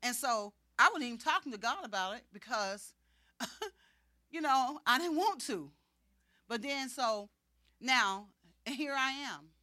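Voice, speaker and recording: Lively woman telling a faith testimony. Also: on the high side, slow, long pauses. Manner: animated, laughs often, acts out dialogue. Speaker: speaker giving a faith testimony. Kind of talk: storytelling testimony to a congregation.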